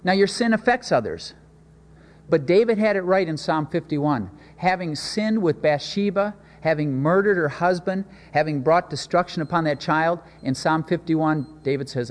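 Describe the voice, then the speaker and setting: A man preaching a sermon, telling a scripture story with dramatic swings between loud and soft. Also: high voice, moderate pace. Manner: expressive storytelling with sudden swings in loudness. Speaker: pastor. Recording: long hall reverb.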